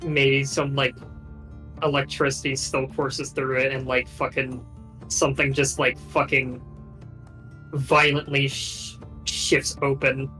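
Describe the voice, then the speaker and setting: A man's voice: mid-range voice, bright, forceful tone. A man playing a tabletop game, thinking aloud with lots of fillers and restarts. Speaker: player.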